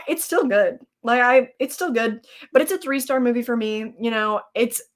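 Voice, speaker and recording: A woman's voice: on the high side, fairly bright tone. A woman hosting a casual live stream, rambling about horror movies, reacting to chat and snacking as she talks. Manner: chatty and rambling, reacting to chat, with fillers and laughs; eating snacks while talking.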